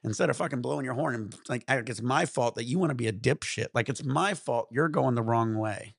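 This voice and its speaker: Stream host, male, gravelly voice, dry close sound, swearing through a road-rage story. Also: medium pitch, brisk, no room sound. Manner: profane, animated ranting. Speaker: livestream host. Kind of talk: casual storytelling to stream chat.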